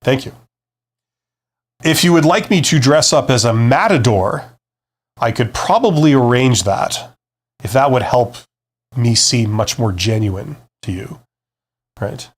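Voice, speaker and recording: A man with a mid-pitched voice hosts a live stream on job hunting. He speaks conversationally and with emphasis, slowing down to stress key points and then speeding through asides as he reads out and answers viewer comments. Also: expressive. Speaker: career advice host, former CEO. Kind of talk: live-stream Q&A, casual advice chat.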